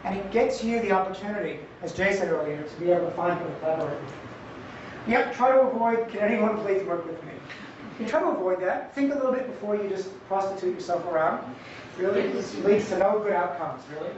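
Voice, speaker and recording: A man giving an academic conference talk in a conversational, lively way with jokey asides. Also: high voice, fast, a little hiss or hum. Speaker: conference presenter. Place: lecture hall. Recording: echoey hall, distant mic, dull sound.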